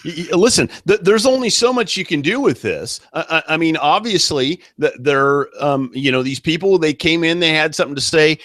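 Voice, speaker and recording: A man's voice: on the high side, normal speed, hardly any pauses, a bit bright, dry recording, clean studio sound. A man co-hosting a political commentary show, emphatic and full of stammered restarts. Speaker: co-host.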